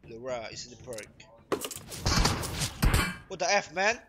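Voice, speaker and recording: A young man from Northeast India streaming a mobile shooter, chatting with teammates and switching languages, now and then bursting into excited shouting. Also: medium pitch, measured pace. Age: young adult. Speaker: game streamer. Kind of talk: live gameplay chat with teammates. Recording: noisy stream audio.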